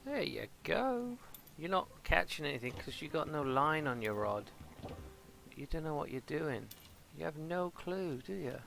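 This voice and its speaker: A man's voice: a little high, normal speed, gravelly, a bit bright, slight background noise. A British man, a streamer and father, chatting casually through a game, rambling and talking back to the characters on screen. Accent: British English. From England. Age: adult with a son. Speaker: gaming streamer. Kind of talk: casual gameplay commentary. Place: home streaming setup with green screen.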